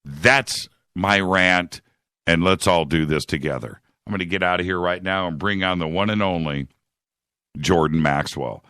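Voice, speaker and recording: A man hosting a radio show, speaking in a heartfelt, halting way with frequent restarts. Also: deep voice, sharp tone, clean tone, dry recording, studio quality. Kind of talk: heartfelt monologue.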